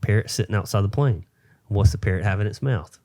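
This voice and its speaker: A man's voice: lowish voice, fast talker, darkish tone. A young adult man co-hosting a podcast, telling a long shaggy-dog joke in a rambling, filler-heavy way. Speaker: podcast co-host.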